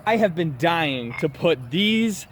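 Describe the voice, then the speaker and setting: A man's voice: fairly high pitch, expressive, slow pace, a bit bright, slight background noise. A man talking casually to a camera in an outdoor backyard gym, rambling and self-deprecating about his homemade workout gear. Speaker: home workout vlogger.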